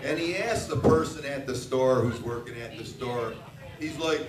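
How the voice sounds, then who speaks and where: A man's voice: medium pitch, moderate pace, a crowd in the background. A man doing a stand-up routine on a bar stage, telling crude, profane stories. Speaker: stand-up comedian. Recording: roomy, distant, loud bar noise.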